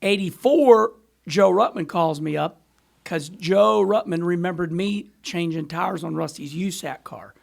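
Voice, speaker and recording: High gravelly-voiced man spinning stories. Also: unhurried. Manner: animated, rambling storyteller who laughs often. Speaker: podcast guest, former racer. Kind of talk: storytelling in casual chat.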